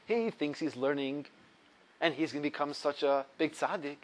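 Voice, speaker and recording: A man voicing the evil inclination as a sly, scheming tempter who gloats quietly. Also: fairly high pitch, moderate pace, lightly acted. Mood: sly gloating.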